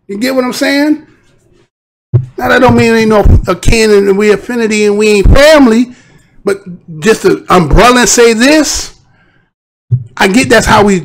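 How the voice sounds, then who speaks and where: A man with a high, gravelly voice, holding forth on a live stream. He speaks in blunt, emphatic street talk full of profanity and often turns to address his chat. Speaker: livestream host.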